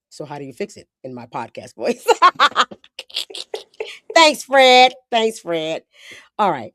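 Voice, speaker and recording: A woman's voice: fairly low pitch, no room sound, clean studio sound. Blunt, slangy woman podcast host. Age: adult with a daughter. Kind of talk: casual podcast chat.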